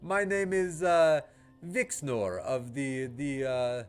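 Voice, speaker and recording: A man voicing an alien with an exaggerated, stereotyped Russian accent, in halting, hammy delivery. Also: medium pitch, clear, resonant tone, soft background music, natural voice. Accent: put-on Russian.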